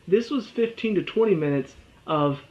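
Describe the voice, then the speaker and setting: A man's voice: sits high, expressive, moderate pace. Rambling man reviewing games, dull lo-fi sound. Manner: rambling, self-correcting, chuckles often. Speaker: video game reviewer. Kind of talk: casual video review.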